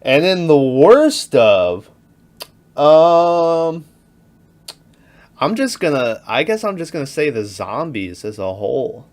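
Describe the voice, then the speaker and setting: A man's voice: fairly high pitch, big pitch swings, takes it slowly, pauses often, a little mellow. A young man co-hosting a movie podcast, chatting casually and retelling scenes with frequent laughter. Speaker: podcast co-host. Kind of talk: casual movie review chat.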